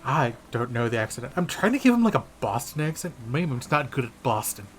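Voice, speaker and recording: A man streaming a story game live, chatting and reacting out loud as he reads. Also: medium pitch, very animated, fairly quick, slight background noise.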